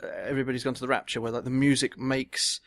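A man's voice: mid-range voice, flat delivery, quick pace, dry recording, clean studio sound. A man co-hosting a podcast, talking hesitantly with many fillers. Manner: hesitant, lots of likes and ums. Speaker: podcast co-host. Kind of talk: casual chat.

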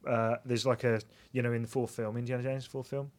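Give me a man on a laid-back podcast, bantering with friends and chuckling between remarks. He speaks at a mid pitch. His delivery is conversational and offhand. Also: little pitch movement, a little fast, a little mellow. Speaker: podcast co-host. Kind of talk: casual chat.

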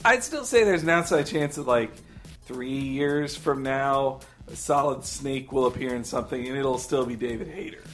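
A man's voice: mid-range voice, normal speed, fairly bright tone, soft background music. A man talking casually and with strong opinions about video games, with many fillers. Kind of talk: casual gaming chat.

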